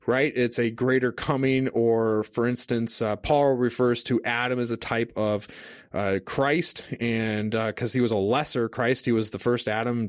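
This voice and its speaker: A man hosting a casual teaching podcast, talking in a relaxed, conversational way with many fillers, at a studio mic on a stand. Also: mid-range voice, dry recording. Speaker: podcast host. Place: home studio at a desk.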